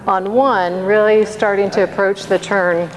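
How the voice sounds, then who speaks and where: Female dance instructor, unhurried coaching of the count, reverberant room. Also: mid-range voice, steady tone. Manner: counting beats aloud, patient step-by-step coaching. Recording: long reverb, faint noise.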